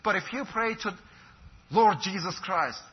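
A man's voice: high voice, measured pace, breathy edge. A man from Iran, a pastor giving an earnest, fervent personal testimony. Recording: dull lo-fi recording.

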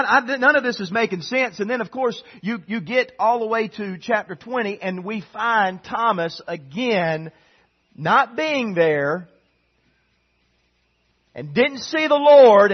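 A man preaching a sermon as pastor, animated, with sudden loud bursts. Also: sits high, moderate pace, breathy edge. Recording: dull lo-fi sound.

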